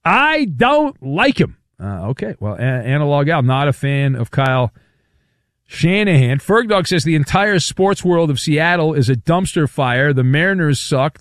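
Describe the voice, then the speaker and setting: A man's voice: a little high, normal speed, no echo, studio quality. A man hosting a call-in radio show, reading listener messages and teasing a caller with sarcastic remarks. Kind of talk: casual call-in radio talk.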